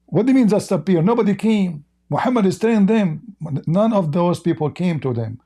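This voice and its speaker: A man's voice: sits high, animated, a little fast, warm tone. A man hosting a heated live-streamed debate, arguing with sarcastic, mocking questions in non-native English grammar. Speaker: debate host.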